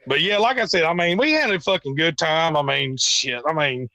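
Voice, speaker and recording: High, bright-voiced swearing man. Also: expressive, normal speed, dry recording. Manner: rambling, profane storytelling. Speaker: podcast guest. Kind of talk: casual chat.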